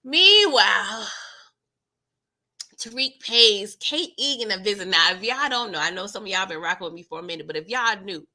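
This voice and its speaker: A woman hosting a casual TV episode recap, playful and animated, laughing often and acting out the characters' lines. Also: medium pitch, normal speed. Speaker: TV recap host.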